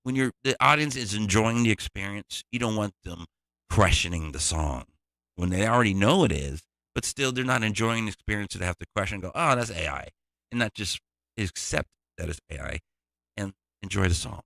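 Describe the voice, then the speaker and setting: Deep gravelly man explaining casually. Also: lively intonation, fairly quick, a bit bright, no echo. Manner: loose, digressive explaining. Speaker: music producer. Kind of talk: casual tutorial walkthrough.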